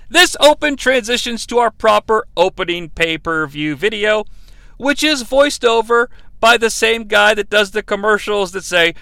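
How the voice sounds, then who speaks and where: Sarcastic man recapping with gravelly voice. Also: sits high, lively intonation, moderate pace, bright, forceful tone, dry recording. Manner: sarcastic, irreverent, swearing. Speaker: podcast host. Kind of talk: comedic recap.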